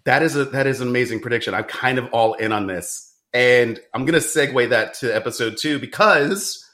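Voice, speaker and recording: Guy hosting a podcast, bright voice, rambles fast with lots of likes. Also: medium pitch. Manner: animated, fast, many fillers. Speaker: podcast host. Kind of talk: casual chat.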